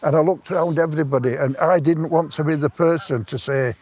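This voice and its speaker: Here a stranger in his 70s rambles through a long personal story on a park bench outside, keeping his words plain and casual. His voice is a little high with a darkish tone, and he speaks a little fast.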